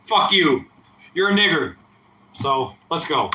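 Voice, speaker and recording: A man in his thirties rambles through a casual late-night stream, profane and defiant, a bit tipsy from drinking. His voice sits a touch high and sounds bright and edgy. The room gives it a noticeable echo. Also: big pitch swings, takes it slowly, slight background noise. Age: 30s. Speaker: livestreamer.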